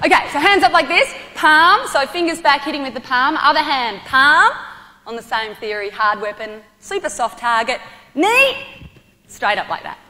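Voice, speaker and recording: A woman from Australia giving a lively motivational talk to a young audience, leading a martial arts demonstration and calling out instructions. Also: sits high, moderate pace. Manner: energetic, playful instructor, shouts commands. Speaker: guest speaker, martial arts athlete. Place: large hall with audience. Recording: reverberant hall.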